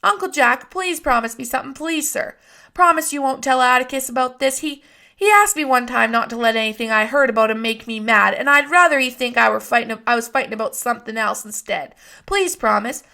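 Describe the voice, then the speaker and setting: A woman's voice: on the high side, fairly quick, creaky, sharp tone. A woman voicing a feisty, defiant young girl who argues and pleads in a storybook reading. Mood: pleading.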